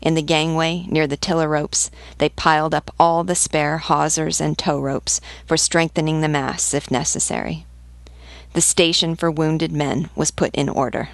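A woman reading a novel aloud in a measured, even manner. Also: sits low, vocal fry, no room sound. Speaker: book reader. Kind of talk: audiobook reading.

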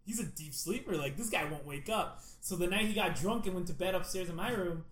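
Young guy, high-pitched storyteller, echoey room, excitable, full of "like". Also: a little fast, soft background music. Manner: excitable storytelling, lots of "like", acts out quotes loudly. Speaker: storyteller in a group chat. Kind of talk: casual chat, animated anecdote.

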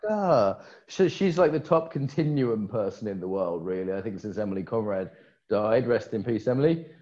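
A man's voice: lowish voice, lively intonation, normal speed, mellow. Man, conference co-host, casual chat, joking asides, muffled lo-fi audio. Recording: dull lo-fi sound.

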